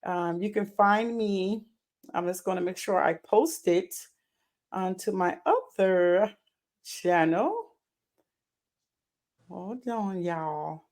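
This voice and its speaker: A woman hosts a live stream in a chatty, excited way. She repeats her greetings over and over and talks to her viewers as "y'all". Her pitch sits in the middle for a woman. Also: takes it slowly, pauses often. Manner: uses Southern US words like y'all. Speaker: livestream host and founder. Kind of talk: casual live-stream chat.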